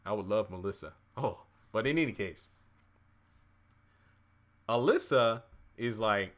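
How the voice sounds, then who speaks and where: A man casually recapping a TV episode, chatty and excitable, cheering and exclaiming at the scenes. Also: fairly low pitch, unhurried, pauses often. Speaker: TV episode reviewer.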